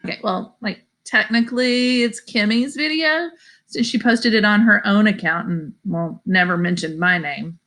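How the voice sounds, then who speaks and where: A woman's voice: medium pitch, normal speed, a bit bright. A woman reading a middle-grade novel aloud, adding chatty asides that explain phrases to her listeners. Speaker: audiobook reader.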